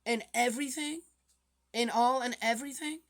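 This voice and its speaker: A woman reading scripture aloud and commenting on it, reading quietly and then reacting with indignant exclamations. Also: a little high, normal speed. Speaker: bible commentator.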